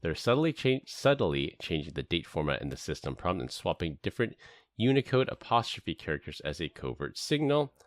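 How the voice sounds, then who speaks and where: A middle-aged man with a deep voice hosts a casual tech podcast, speaking briskly. The recording is dry with clean studio sound, and he tells stories energetically, acting out the people he quotes.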